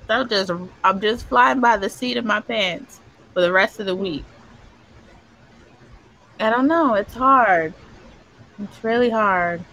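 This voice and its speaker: Bright-voiced chatty woman hosting. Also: medium pitch, takes it slowly, pauses often, low-quality recording. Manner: laughs often, chatty storytelling. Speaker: parent support group host. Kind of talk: casual group chat.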